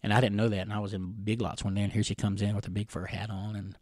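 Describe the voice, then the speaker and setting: A middle-aged man from the Catawba Nation telling personal stories in an interview, rambling gently with chuckles and fillers. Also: on the low side, flat delivery, fast talker, dry recording, clean studio sound. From Catawba Nation, Carolinas, USA.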